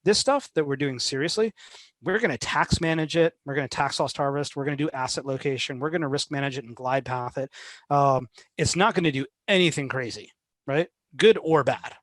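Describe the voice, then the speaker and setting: A man speaking as a guest in a casual interview, animated and full of fillers, often acting out what other people say. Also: medium pitch, brisk, no room sound. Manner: animated, many fillers, acts out quoted voices. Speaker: behavioral finance guest.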